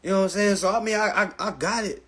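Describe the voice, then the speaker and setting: A man's voice: high-pitched, very fast, husky. A man hosting a live stream, telling stories and giving advice in a casual, profane manner, often calling his viewers family. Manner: animated, profane storytelling, addresses viewers as family.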